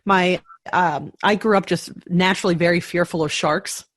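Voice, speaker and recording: A woman's voice: fairly low pitch, steady tone, moderate pace, no echo, clean studio sound. Curious woman hosting a chatty interview. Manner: curious, shares anecdotes, asks follow-ups. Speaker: podcast host. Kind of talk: casual interview chat.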